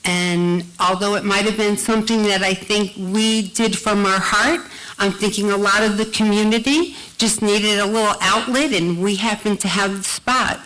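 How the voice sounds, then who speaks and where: A woman telling a heartfelt personal story to an audience at a live storytelling event, slowing down to lean on key phrases. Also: mid-range voice, a bit bright, low-quality recording. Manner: heartfelt, slows for emphasis.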